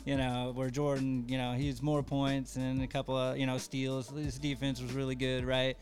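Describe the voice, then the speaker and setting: A man speaking in a calm, measured way as a guest on a sports chat. His pitch stays very flat and even throughout. Faint music sits under the talk. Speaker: guest, sideline photographer. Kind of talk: casual interview answers.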